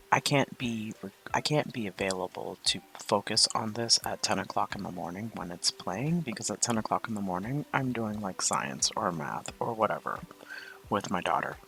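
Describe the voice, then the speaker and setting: Slow, bright-voiced woman podcast host. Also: a bass voice. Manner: candid, confessional, chatty. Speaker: podcast host and spiritual coach. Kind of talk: casual spiritual podcast monologue.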